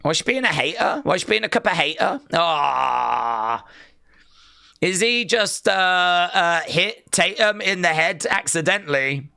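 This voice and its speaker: Guy streaming a wrestling watch-along, bright clear voice, dry close sound, hyped and jokey. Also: high-pitched, unhurried, no room sound. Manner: excitable, jokey play-by-play, reads chat aloud. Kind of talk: live reaction commentary.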